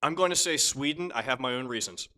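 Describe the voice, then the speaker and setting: A man's voice: medium pitch, fairly quick. A man leading a church youth group through playful icebreaker questions, teasing the group as he goes. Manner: joking, teasing, animated.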